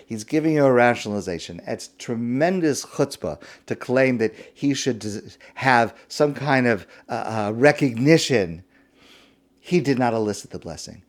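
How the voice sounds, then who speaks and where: A male rabbi giving a sermon, telling a parable in an expressive storytelling manner. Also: mid-range voice, normal speed.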